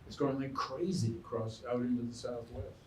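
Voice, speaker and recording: A man, a historian and biographer, answering audience questions in an animated, storytelling way and acting out quotes. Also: medium pitch, brisk, slight background noise. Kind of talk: lecture Q&A answer. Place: lecture hall. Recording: echoey room, mic far off.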